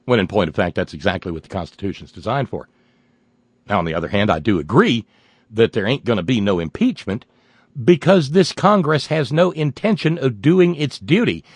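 A man's voice: lowish voice, big pitch swings, normal speed, husky, no room sound. Sardonic folksy male radio host. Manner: sardonic, folksy, bursts into loud exclamations. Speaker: radio talk show host. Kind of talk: political talk radio commentary.

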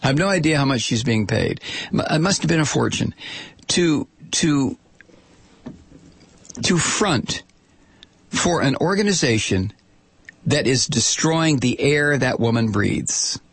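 A man's voice: mid-range voice, expressive, a little slow, gravelly, long pauses, husky, no room sound. A man delivering a rambling, profane political commentary monologue with plenty of digressions.

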